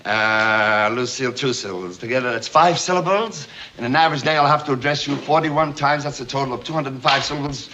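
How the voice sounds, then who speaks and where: An actor playing a brisk, bald, efficiency-obsessed male bank boss who barks orders and repeats words in rapid triplets, in 1960s sitcom style. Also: medium pitch, sharp tone, a little hiss or hum, close to an everyday voice. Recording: dull old TV soundtrack with studio audience laughter.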